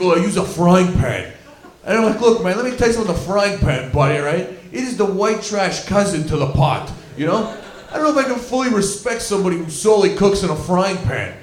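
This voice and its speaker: A man's voice: sits high, reverberant. A young man from Scarborough doing a stand-up comedy set, rambling and swearing through his stories with lots of fillers. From Scarborough, Toronto. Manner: rambling, profane, filler-heavy storytelling. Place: comedy club venue.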